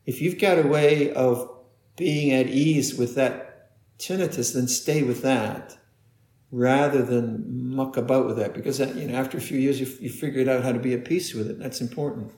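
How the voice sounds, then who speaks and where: A man teaching meditation in a dharma talk, speaking haltingly, often repeating words and laughing softly. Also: mid-range voice, steady tone. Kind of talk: dharma talk answering questions. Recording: echoey room.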